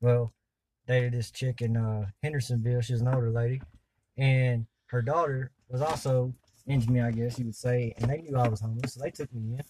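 Stoned man, mid-pitched, rambling crude storyteller, slight background hiss. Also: fairly even intonation, fairly quick, a little mellow. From US South. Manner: rambling, profane, laid-back drawl. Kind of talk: crude storytelling in casual chat.

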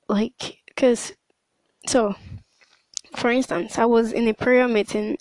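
A woman's voice: on the high side, a little mellow, no echo, rough recording. A young woman talking casually in a hesitant monologue, full of fillers and restarts. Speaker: podcast host.

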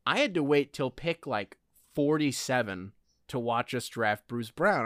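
A man co-hosting a podcast in casual sports chat, animated, with quick asides. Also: mid-range voice, dry recording, clean studio sound. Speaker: podcast co-host.

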